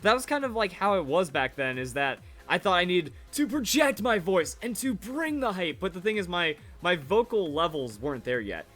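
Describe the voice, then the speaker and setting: A man's voice: high voice, sing-song, normal speed, hardly any pauses, a bit bright, soft background music. A man in his twenties chatting casually over his old videos, rambling and repeating himself with verbal tics. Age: 20s. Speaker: Pokemon YouTuber.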